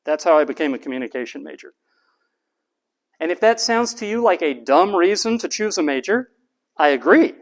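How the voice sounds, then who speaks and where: A middle-aged man from Texas, a college professor giving a lively classroom lecture and stressing his points by repeating words. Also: on the high side, normal speed.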